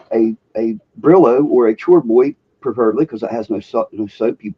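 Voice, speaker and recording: Husky man, animated storyteller. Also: medium pitch. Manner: animated, swearing, laughs often. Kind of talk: casual chat, storytelling. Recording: dull lo-fi stream audio.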